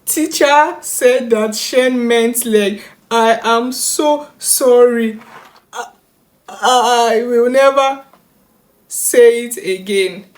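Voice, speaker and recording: A little boy bawling and hiccuping through his words, his voice pitched high and his speech drawn out slowly between sobs, as a woman puts him on. He stutters out apologies as if he can barely breathe for crying. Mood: sobbing apology. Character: sobbing young boy stammering apologies.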